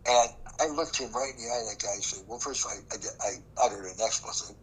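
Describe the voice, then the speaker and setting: In a low-quality recording with slight background noise, an older man speaks fast in a fairly low voice. He is a former prosecutor recounting a case in a storytelling interview, emphatic and acting out the quoted dialogue.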